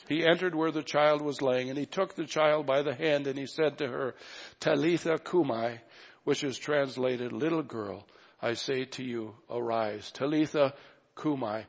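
A man preaching a sermon with a gravelly, fry-tinged voice, pressing his points earnestly and slowing down on the phrases he wants to land. The recording is muffled and dull, and his words ring out with a long reverb as if in a big church hall. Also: mid-range voice. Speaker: pastor.

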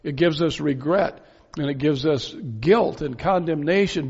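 Gravelly preacher in an echoing hall. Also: male voice, fairly high pitch. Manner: emphatic rhetorical questions, slow stressed phrases. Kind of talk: sermon. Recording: dull lo-fi sound with long reverb in a hall.

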